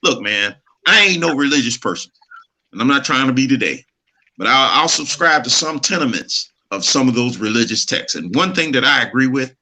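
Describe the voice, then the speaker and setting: Bright-voiced earnest middle-aged man. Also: mid-range voice, expressive, normal speed. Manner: earnest, preachy, laughs easily. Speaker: podcast co-host. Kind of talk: casual chat, storytelling.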